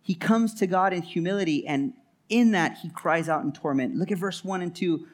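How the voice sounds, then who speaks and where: A man's voice: sits high, moderate pace. A man preaching a sermon in an earnest, emphatic way, often stacking repeated phrases. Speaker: pastor.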